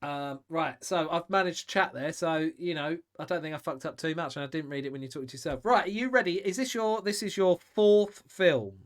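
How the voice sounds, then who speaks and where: A man's voice: on the high side, a little fast, hardly any pauses. A man hosting a podcast, in casual, teasing, encouraging chat. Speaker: podcast host.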